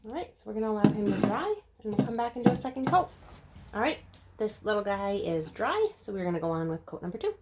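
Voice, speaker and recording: A woman hosts her DIY video, explaining each step of a craft project in a relaxed, friendly, instructional manner. Her voice sits at a middle pitch, and a faint background noise stays under her speech. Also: quick pace. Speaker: DIY channel host. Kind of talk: casual how-to narration.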